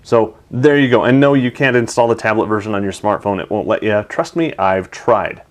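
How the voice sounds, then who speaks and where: A man's voice: fairly low pitch, brisk. A man hosting a tech video, narrating a product demo in an enthusiastic, chatty way.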